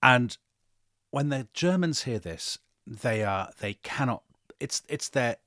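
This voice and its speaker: A man co-hosting a history podcast, retelling events in a dramatic, animated way. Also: medium pitch, slow pace, no echo, clean studio sound. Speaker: podcast co-host. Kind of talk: storytelling history chat.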